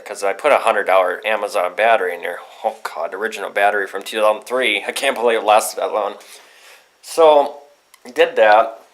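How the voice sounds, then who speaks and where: A young man vlogging casually, telling a rambling, profane story about his day with excitable outbursts. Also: on the low side, poor audio.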